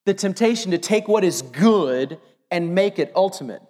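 Man, pastor, very high voice, lively sermon, reverb-heavy church hall. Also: normal speed. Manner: animated, joking asides to the congregation. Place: church sanctuary.

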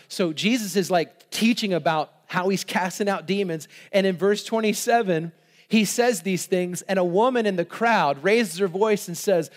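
A man preaching a sermon, reading scripture with lively asides, laughs and rhetorical questions. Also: high-pitched, moderate pace. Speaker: pastor.

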